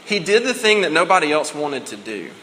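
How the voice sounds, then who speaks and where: A man's voice: a little high, very animated, brisk, pushed and bright, a little hiss or hum. A man in his thirties giving a conversational, emotional sermon as a pastor. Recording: reverberant hall with faint ambience.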